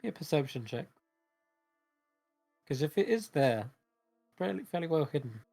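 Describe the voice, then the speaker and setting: A man's voice: a little high, very animated, moderate pace, vocal fry, warm tone, soft background music. A man narrating a tabletop game as game master in a casual, rambling way.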